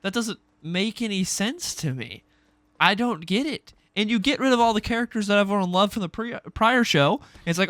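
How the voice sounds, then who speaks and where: A young man delivering a heated solo rant as a video creator. He sounds exasperated and sarcastic and talks in rapid-fire bursts. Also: high-pitched, expressive, fairly bright tone, no echo.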